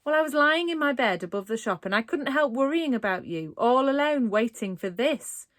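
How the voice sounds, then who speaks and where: A jittery, timid newsagent, as a woman reader voices him frets in nervous rushes of words. His voice rises and falls with a lot of movement. The storybook sound is close and dry. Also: high voice, expressive, fairly bright tone, no echo, pitched above the performer's own voice. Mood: anxious. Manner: nervous and fretful, talks in anxious rushes. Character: jittery, timid male newsagent, middle-aged. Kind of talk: storybook reading.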